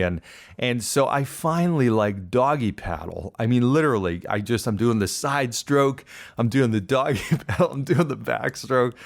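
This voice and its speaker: A man hosting a podcast, telling a personal story in an animated, self-deprecating way. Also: medium pitch. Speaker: podcast host. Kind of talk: casual storytelling monologue.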